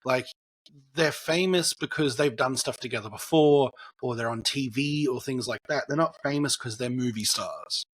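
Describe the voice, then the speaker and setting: A man's voice: mid-range voice, moderate pace, fairly bright tone, husky. A young man co-hosting a podcast, chatting loosely about a film and telling stories behind it with lots of fillers. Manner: rambling, storytelling, many fillers. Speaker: podcast co-host. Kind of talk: casual film chat.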